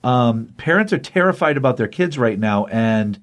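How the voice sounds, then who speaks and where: A man's voice: medium pitch, animated, normal speed, lightly acted. Superman, a man doing an earnest reassuring hero.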